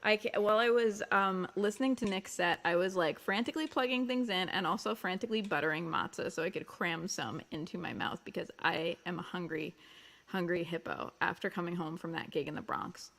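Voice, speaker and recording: This Long Island, New York musician talks in a lowish, slightly bright voice, brisk and with vocal fry. With her Long Island accent, she chats jokingly on her livestream and reads viewer comments aloud.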